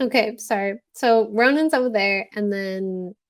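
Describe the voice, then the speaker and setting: A woman's voice: medium pitch, measured pace, crowd noise. A woman playing a tabletop game, amused and playful. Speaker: player.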